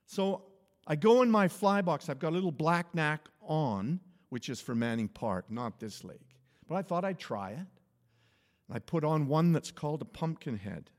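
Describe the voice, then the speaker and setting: A man, a pastor, telling a humorous personal story in an animated sermon. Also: a little high, normal speed. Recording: echoey hall.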